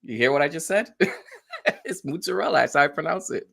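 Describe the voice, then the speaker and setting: A man's voice: fairly high pitch, animated, brisk, vocal fry, a bit bright. Middle-aged bronx guy, new york accent, blunt and straight talking, laughs a lot. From the Bronx, New York City. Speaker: guest streamer. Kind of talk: casual interview chat.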